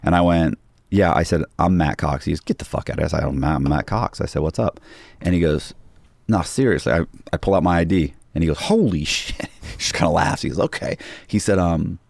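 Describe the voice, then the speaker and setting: A man's voice: low voice, brisk, gravelly, a little mellow, no echo. A man, a podcast guest, telling a long story in a casual interview and acting out the dialogue of the people in it.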